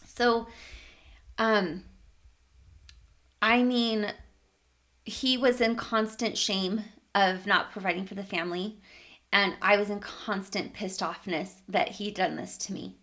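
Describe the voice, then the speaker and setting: A woman's voice: a little high, a bit bright. A woman vlogger telling a personal story in a candid, emphatic way, swearing casually.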